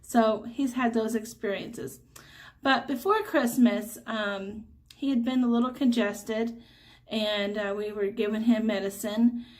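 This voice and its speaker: A middle-aged woman, telling a religious testimony as a mother in an earnest, halting way with many fillers. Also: on the high side, fairly even intonation.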